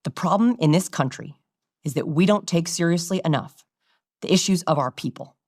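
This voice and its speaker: A woman voicing a solemn male statesman, dry and close, low for a woman, slow and deliberate, each phrase falling at the end. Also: a little mellow, no room sound, close to an everyday voice. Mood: grave. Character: male national leader giving a grave, measured speech.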